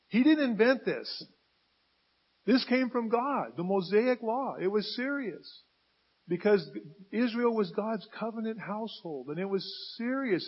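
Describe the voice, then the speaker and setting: A man preaching a sermon, emphatic and building to loud, stressed bursts. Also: high-pitched, breathy edge, muffled recording.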